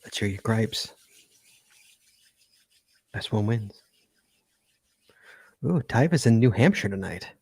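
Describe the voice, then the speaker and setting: A man's voice: on the low side, expressive, slow, gravelly, pauses often, darkish tone, husky, no room sound. A man hosting a live call-in podcast, upbeat and chatty, repeating himself as he hypes up callers. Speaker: podcast host.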